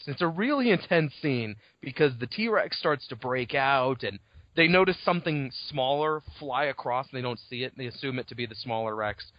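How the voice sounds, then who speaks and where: A man co-hosting a casual book podcast, retelling the story in an animated way, swearing freely and laughing often. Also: a little high, no room sound. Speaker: podcast co-host. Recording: dull lo-fi dry recording.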